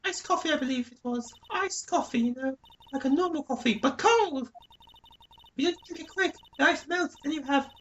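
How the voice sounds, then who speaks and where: April May, a woman voicing a shrill ditzy witness. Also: moderate pace, dull audio, a little hiss or hum, lightly acted. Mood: flirty, flustered. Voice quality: high squeaky put-on voice. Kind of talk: fan voice-over of a game.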